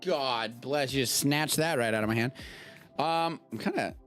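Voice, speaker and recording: In a mid-range voice at a moderate pace, the show host makes rambling casual chat and tastes food during a live stream from his home studio, tossing in the occasional offhand swear word. Music plays in the background.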